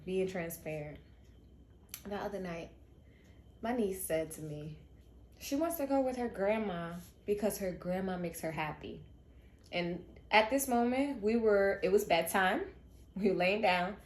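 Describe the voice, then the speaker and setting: Speaking directly to the camera, a young woman opens up in an emotional personal vlog about caring for her late sister's kids. Her voice is medium in pitch, with a roomy sound.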